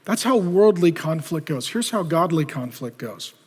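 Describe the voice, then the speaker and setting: Brief: high-voiced male pastor, very animated sermon delivery, long hall reverb. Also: moderate pace, husky. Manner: animated preaching, rhetorical questions to the audience.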